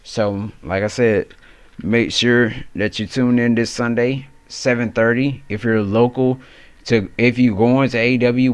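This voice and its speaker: A man's voice: mid-range voice, clean tone, no room sound. A man hosting a casual wrestling predictions chat, rambling loosely and correcting himself as he goes. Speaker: wrestling channel host.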